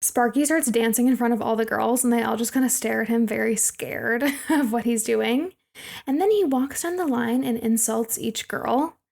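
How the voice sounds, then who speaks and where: A young woman with a slightly high, gravelly voice chats through a movie recap. She laughs easily and talks loosely as she moves from scene to scene. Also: normal speed, darkish tone. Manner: chatty, laughs often, recaps plot scenes. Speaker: podcast co-host. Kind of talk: casual movie recap chat.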